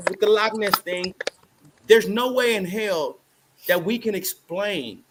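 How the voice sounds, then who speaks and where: A man on a discussion panel, ranting in a loud, profane and animated way. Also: high-pitched, a little hiss or hum, poor audio.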